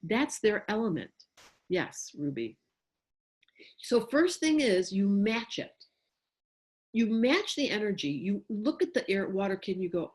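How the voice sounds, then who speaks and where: A middle-aged woman giving a casual talk to parents as an astrologer, animated and acting out what she would say to a child. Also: medium pitch, a little slow, pauses often.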